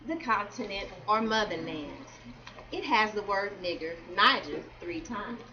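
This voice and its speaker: A woman's voice: medium pitch, animated, a little slow, bright, forceful tone, muffled recording. Rhythmic spoken word woman at event. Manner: rhythmic, call-and-response with crowd. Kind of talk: spoken word poetry performance. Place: community celebration event hall.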